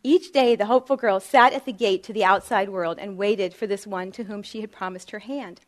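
A woman narrating a story in a calm, measured, gently expressive way. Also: medium pitch.

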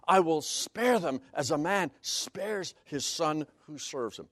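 Emphatic man teaching scripture, slow and lively. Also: a little high, dry recording, studio quality. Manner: emphatic, drawn-out stresses on key words; explains Hebrew word by word. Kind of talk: sermon-style Bible teaching.

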